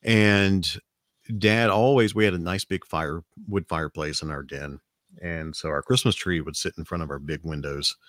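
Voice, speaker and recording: A man's voice: low-pitched, steady tone, moderate pace, fairly bright tone, no echo, clean studio sound. A man from the American South with a Southern accent, telling a rambling family story in casual chat, with frequent restarts. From Alabama, US South.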